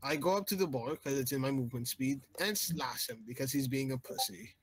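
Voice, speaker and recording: A man's voice: medium pitch, lively intonation, fairly quick, a little hiss or hum. A man playing a tabletop game, describing his attacks in an offhand, laid-back way. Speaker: player. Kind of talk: casual chat at a game table.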